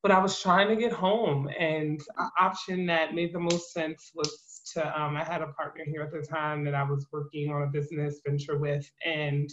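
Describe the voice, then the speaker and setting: A woman in her thirties from New Jersey, a guest in an interview, telling her story in a lively way with laughs and acted-out quotes. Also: low voice, normal speed, few pauses. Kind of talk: conversational interview. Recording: muffled lo-fi audio.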